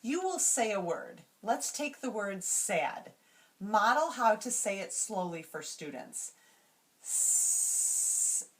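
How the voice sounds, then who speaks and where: A woman explaining classroom reading routines to teachers, slowly and carefully, and modeling each word sound by sound. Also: mid-range voice, very animated. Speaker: teacher trainer.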